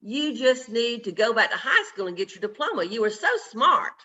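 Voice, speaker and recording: A loving old grandmother, warm and encouraging, as a man puts her on. her voice is high and bright, and it comes through muffled, lo-fi call audio. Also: big pitch swings, normal speed, far from the mic, full character voice. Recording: dull lo-fi video call audio.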